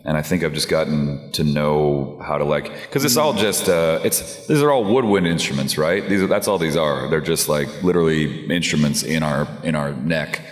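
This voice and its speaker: A male voice actor and impressionist chatting on a live convention panel, enthusiastic and quick to laugh. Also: extremely low pitch. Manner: enthusiastic, laughs a lot, animated storyteller. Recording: echoey hall, live event.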